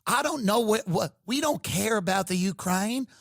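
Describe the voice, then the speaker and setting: A man's voice: high-pitched, animated, moderate pace, vocal fry, a bit bright, no room sound, clean studio sound, heavily acted. A man doing a sassy old Southern politician. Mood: blunt. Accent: American Southern. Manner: sassy, blunt, swearing.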